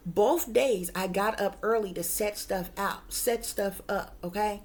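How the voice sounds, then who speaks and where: A woman's voice: medium pitch, unhurried. A woman working as a psychic reader, telling her viewers a story in casual, emphatic talk, often calling them "y'all" and swearing freely.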